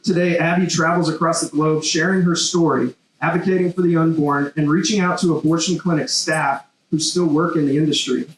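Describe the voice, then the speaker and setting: A man's voice: on the high side, steady tone, a little fast, slight background noise. A man acting as event emcee, reading a speaker introduction in an upbeat, scripted delivery. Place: large hall. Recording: echoey hall sound.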